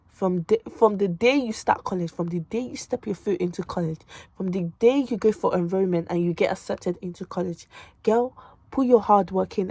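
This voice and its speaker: A woman's voice: fairly low pitch, darkish tone, no echo. Emphatic young woman vlogging. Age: late teens. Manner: emphatic and repetitive, calls viewers babes and girl. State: tired from revision. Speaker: student vlogger. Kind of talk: casual direct-to-camera chat. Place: her bedroom at home.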